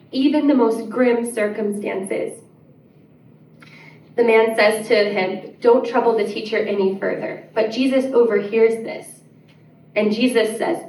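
A woman's voice: on the high side, a little slow, recorded from a distance, a little hiss or hum. A woman preaching a sermon in a church, earnest and pleading, rising to emphatic peaks. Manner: earnest, rising to emphatic, drops to soft prayer. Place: church sanctuary. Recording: echoey church room, mic set back.

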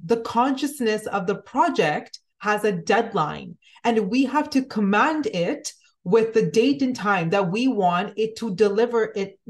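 A woman giving an earnest, motivational spiritual talk, speaking directly to the listener in repeated phrases. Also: mid-range voice. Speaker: spiritual content creator.

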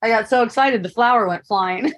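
A woman's voice: on the high side, a little fast. A middle-aged woman telling a personal story in a casual spoken monologue, laughing often and asking "right?" to keep the listener with her.

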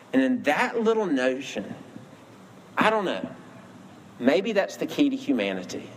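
A man preaching a sermon in an earnest storytelling manner, lifting his voice for emphasis, with faint ambient noise behind him. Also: fairly high pitch. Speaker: pastor.

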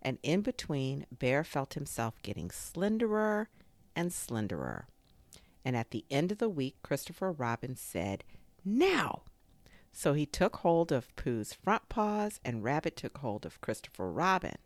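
A woman storyteller reading a children's tale with a low voice that swings widely in pitch. She takes her time, and the recording is close and dry. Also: no echo. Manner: expressive, unhurried storytelling.

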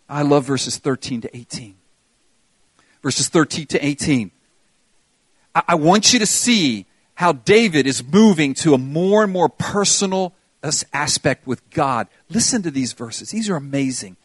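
A man's voice: fairly high pitch, big pitch swings, unhurried, husky, no echo. An older man preaching a sermon as pastor, earnest and pleading, putting questions to his congregation.

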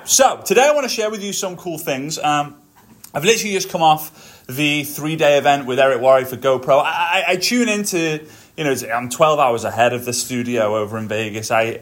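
A man hosting his own podcast, telling stories in an energetic motivational monologue while walking on a treadmill. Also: a little high, moderate pace. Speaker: podcast host.

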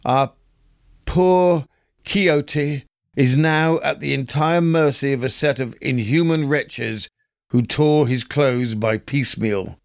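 A man's voice: mid-range voice, takes it slowly, dry recording. A man hosting a history show, reading an old newspaper story aloud with dry, theatrical delivery. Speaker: host.

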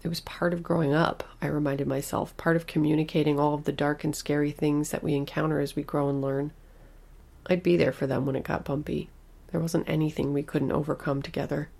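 A woman's voice: sits low, little pitch movement, brisk, vocal fry, darkish tone, breathy edge. A woman narrating a first-person horror story in an anxious, intimate way.

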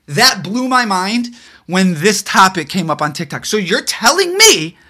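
A young man co-hosting a casual podcast, excitable and animated, often restarting his sentences. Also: high voice, unhurried. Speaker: podcast co-host. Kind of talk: casual chat.

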